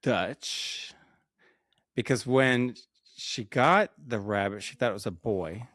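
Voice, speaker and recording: A man co-hosting a podcast, relaxed and making dry quips in casual chat. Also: medium pitch, slow pace, no room sound. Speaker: podcast co-host.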